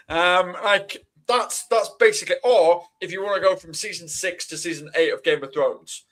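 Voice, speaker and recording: A man's voice: high voice, animated, normal speed. A man, co-hosting a sports podcast and ranting with sarcastic asides. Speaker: podcast co-host. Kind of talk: casual chat.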